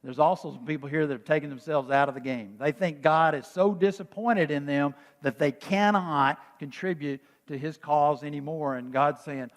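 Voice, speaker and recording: A male pastor preaching a sermon with quiet urgency, at times reciting song lyrics softly. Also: on the high side, fairly even intonation, moderate pace, few pauses. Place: church sanctuary. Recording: long church reverb.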